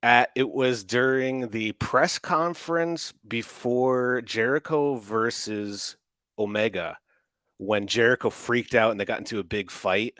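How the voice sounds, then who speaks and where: A man co-hosting a casual podcast, relaxed and rambling, restarting his sentences often. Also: medium pitch, unhurried, dry recording. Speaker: podcast co-host and audio editor.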